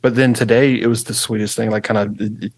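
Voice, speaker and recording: A man's voice: medium pitch, fast talker, no echo. A young man co-hosting a podcast, talking casually and rambling with lots of fillers about his daughter. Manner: relaxed, rambling with many fillers. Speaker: podcast co-host. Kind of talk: casual chat.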